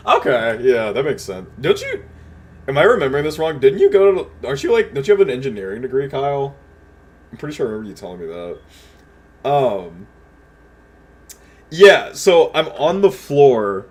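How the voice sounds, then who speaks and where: A man's voice: mid-range voice, very animated, normal speed, pauses often, darkish tone. A young man livestreaming from home, telling a rambling story to his chat with stuttered restarts and lots of swearing. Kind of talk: casual storytelling while chatting with viewers.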